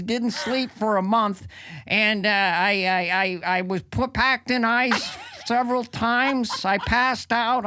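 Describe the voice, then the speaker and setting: A man's voice: high voice, pushed and bright. A man doing a comic impression of a frazzled older self-help author who lectures earnestly and stumbles over his words. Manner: earnest, lecturing, halting restarts.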